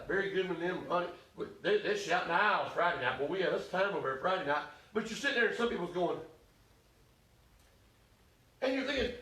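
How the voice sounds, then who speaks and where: A man's voice: high voice, echoey room, far from the mic, rough recording. A man preaching a folksy, emphatic sermon, acting out complaints in first person. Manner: voices Elijah's complaints in first person, rising to shouts. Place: church.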